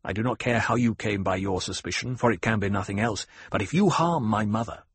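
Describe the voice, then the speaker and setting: A man voicing a young noble male leader who speaks with intense, quiet command, with a husky voice. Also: fairly low pitch, fairly quick, no room sound.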